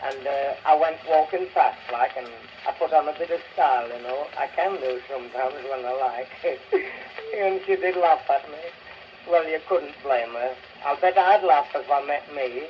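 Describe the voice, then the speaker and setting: A man's voice: on the high side, moderate pace, a little mellow, slight background noise, poor audio. A man with a Northern English accent delivering a bashful comic monologue, chuckling often, on an early gramophone recording. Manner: bashful, chuckling through his lines. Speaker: music hall comedian. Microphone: early acoustic gramophone recording.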